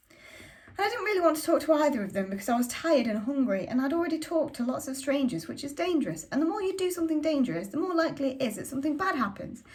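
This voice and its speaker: Woman reading a novel aloud, measured. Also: medium pitch, darkish tone. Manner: careful, measured, slows on addresses and numbers. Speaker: audiobook reader. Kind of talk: first-person novel reading.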